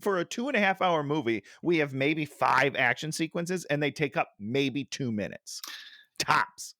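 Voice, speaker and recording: Exasperated middle-aged man, lively pitch. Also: normal speed, no room sound, clean studio sound. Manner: exasperated, ranting, sighing. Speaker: podcast co-host. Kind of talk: casual movie-review chat. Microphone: headset.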